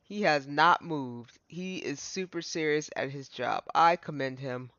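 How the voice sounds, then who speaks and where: A man's voice: fairly high pitch, measured pace, pushed and bright, no room sound. A man streaming a game, chatting casually with joking asides. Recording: dull lo-fi stream mic. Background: game music.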